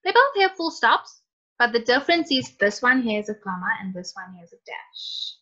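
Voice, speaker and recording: A woman's voice: fairly high pitch, sing-song, moderate pace, bright, forceful tone. A woman teaching an online class in a chatty, encouraging way, reading out messages from students. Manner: chatty, encouraging, reads student chat aloud. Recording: lo-fi online call audio.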